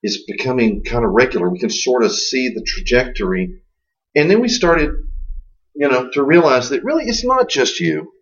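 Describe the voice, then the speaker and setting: A man's voice: mid-range voice, normal speed, breathy edge. A man with a mid-range voice that swings up and down as he tells his stories. He talks with wry humor, and the recording sounds a bit dull and lo-fi. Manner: expressive storyteller, wry humor. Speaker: co-host, Christian homeschooling parent. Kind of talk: conversational podcast talk.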